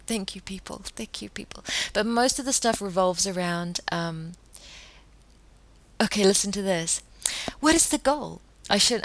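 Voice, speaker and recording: A woman's voice: mid-range voice, no echo. A woman hosting her own podcast, ranting indignantly and firing off emphatic rhetorical questions. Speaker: podcast host. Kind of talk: solo podcast rant.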